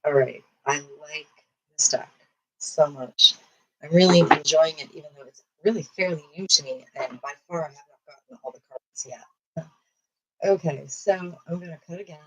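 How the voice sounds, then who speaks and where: A woman giving a live-streamed collective card reading, talking softly and meandering with fillers, sometimes chanting a prayer. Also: low-pitched, normal speed, husky, low-quality recording. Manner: soft, meandering, with frequent fillers; rhythmic chanting prayer while shuffling cards. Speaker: intuitive tarot reader and healer.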